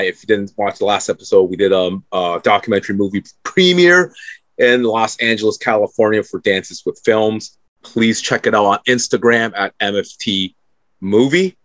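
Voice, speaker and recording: Man, sports podcast co-host, casual chat, jokey, animated, dry close sound. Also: lowish voice, no room sound.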